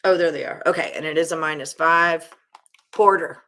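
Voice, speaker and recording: Bright-voiced chatty woman host. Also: fairly low pitch, normal speed. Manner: chatty, rattling off names and scores; upbeat, teasing viewers. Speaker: sports betting show host. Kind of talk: casual live-stream chat.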